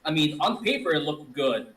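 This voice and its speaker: A man's voice: a little high, very animated, moderate pace, fairly bright tone. A man co-hosting a casual podcast chat, easygoing and chuckling as he tells stories. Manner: easygoing, laughs while telling stories. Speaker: co-host. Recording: distant from the mic.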